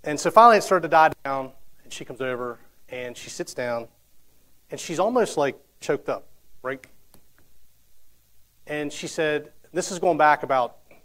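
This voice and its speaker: A man's voice: fairly high pitch, animated, moderate pace, pauses often, a bit bright, low-quality recording. A man in his thirties giving a casual, conversational sermon, telling stories with frequent restarts and fillers. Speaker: preacher.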